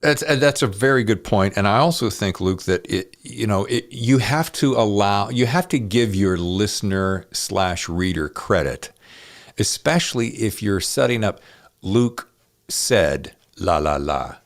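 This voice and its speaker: A man hosting an interview podcast, talking in a measured, deliberate way with frequent fillers; he also narrates audiobooks. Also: lowish voice, animated. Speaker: podcast host. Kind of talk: conversational interview.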